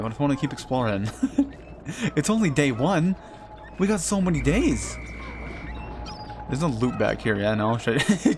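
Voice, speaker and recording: Joking, swearing male game streamer. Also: mid-range voice. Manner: profane, joking, laughs often. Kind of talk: casual gameplay commentary.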